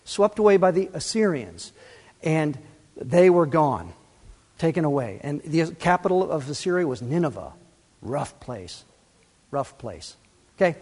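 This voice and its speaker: A man preaching a sermon, animated and full of rhetorical questions, swinging between loud and soft. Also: on the high side, measured pace, long pauses, husky. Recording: long reverb.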